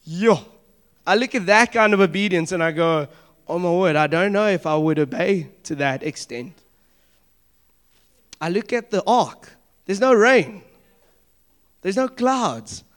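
A young man preaches with a fairly high voice, keeping it loose and conversational. He slips into quick acted-out exchanges and checks in with his listeners as he goes. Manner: conversational, animated preaching with asides and acted-out dialogue. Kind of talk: sermon.

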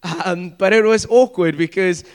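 High-voiced man preaching. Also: measured pace, clear, resonant tone. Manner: conversational, animated preaching with asides and acted-out dialogue. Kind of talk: sermon.

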